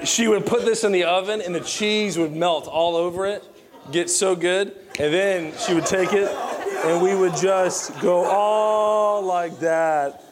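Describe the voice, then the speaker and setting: Animated pastor telling a story. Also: male voice, high voice, unhurried, crowd noise. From Virginia. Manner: animated and self-mocking, with props. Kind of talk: sermon with storytelling.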